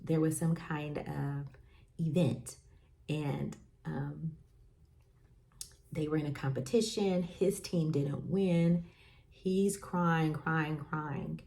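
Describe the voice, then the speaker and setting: Casting note: young adult woman host, lower voice, chatty storyteller who says "like" and "you know" a lot. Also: gravelly, warm tone. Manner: chatty, storytelling with lots of fillers and acted quotes. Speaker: podcast host. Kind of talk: casual talk to parents.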